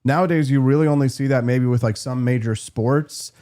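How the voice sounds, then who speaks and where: A man's voice: medium pitch, brisk, dark tone. A man hosting a talk show, playful and joking in casual chat. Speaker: show host.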